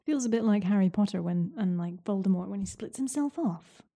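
Mellow-voiced female podcast co-host. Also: mid-range voice, expressive, brisk. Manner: teasing, playful interjections. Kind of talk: casual chat.

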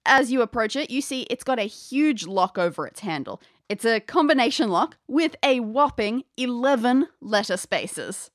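A woman game master narrates an audio adventure with playful, chatty descriptions. Her voice sits a little high, and the recording is close and dry with no room sound. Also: expressive, normal speed, hardly any pauses, dry recording.

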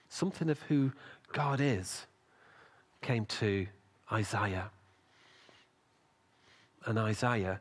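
A man preaching a sermon, retelling a story with lively acted-out voices. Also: mid-range voice, slow, pauses often, husky. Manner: animated storytelling with acted quotes.

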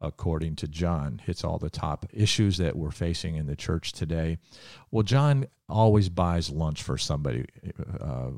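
A pastor from Ohio with a low, deep voice speaks in an earnest, emphatic preaching manner, often pausing on filler words. The recording is dry and close, with no room sound. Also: male voice, darkish tone, dry recording. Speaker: pastor and podcast host. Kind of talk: preaching storytelling.

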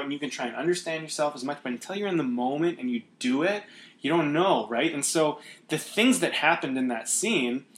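A man's voice: a little high, a bit bright, roomy sound. A man hosting a podcast, talking casually and reflectively with many restarts. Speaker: podcast host. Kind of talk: casual conversation.

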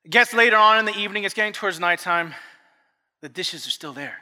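High-pitched pastor guy preaching, super animated, bright sharp voice, long echo like a big church hall. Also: fast. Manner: animated storytelling, acting out family dialogue. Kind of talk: sermon.

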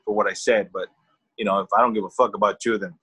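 A man's voice: on the low side, steady tone, fast, pushed and bright, husky, poor audio. A man co-hosting a casual talk show, blunt and heavily profane, laughing often. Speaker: co-host. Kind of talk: casual podcast chat.

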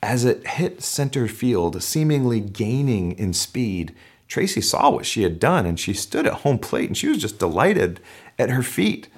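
A middle-aged male pastor giving a sermon, telling a story with animated delivery and shouting out the crowd's cheers. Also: mid-range voice, unhurried, breathy edge.

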